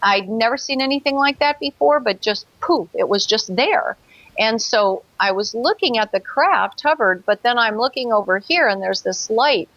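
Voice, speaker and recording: A woman's voice: fairly high pitch, expressive, normal speed, a bit bright, dry recording, highs cut off. A woman telling her own experience as a guest in an interview, earnest, acting out her past thoughts. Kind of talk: personal account in an interview.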